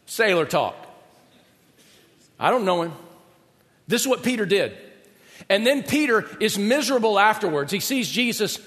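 A pastor preaching a sermon with an animated, dramatic delivery and joking asides. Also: male voice, sits high, moderate pace. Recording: long hall reverb.

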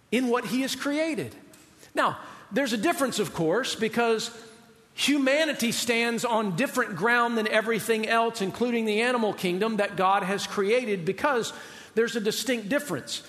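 The preacher's voice is very high-pitched and fairly bright, trailing off into a long reverb. He's a pastor giving a conversational sermon, often turning questions toward his listeners.

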